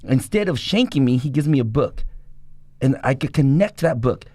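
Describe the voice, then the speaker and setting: A man's voice: medium pitch, animated, dark tone, dry recording. A man, a former gang member, giving a blunt and profane personal testimony in a conversation. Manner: blunt, profane, rapid storytelling.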